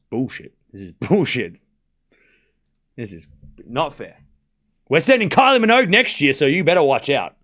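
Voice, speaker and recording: A man with an Australian accent commentating tennis on a live stream, chatting with viewers between points. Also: a little high. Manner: animated, chatty, quick play-by-play bursts.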